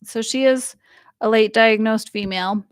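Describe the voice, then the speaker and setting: Streamer host: young woman, higher pitch, rambling casual chat, dry close recording. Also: moderate pace, clear, resonant tone, no echo. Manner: rambling, frequent fillers and laughs, reads viewer comments aloud. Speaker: livestream host reading chat.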